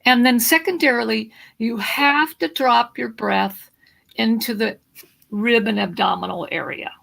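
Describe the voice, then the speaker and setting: A woman voice coach speaking in a live video interview, animated and instructive, with a slight morning frog in her throat. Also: on the high side, a little slow, vocal fry, poor audio.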